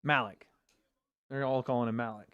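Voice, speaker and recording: A man's voice: mid-range voice, steady tone, normal speed, a bit bright, smooth, dry recording, highs cut off. A man hosting a casual livestream watch party, chatting and reacting to viewer comments. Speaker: livestream host.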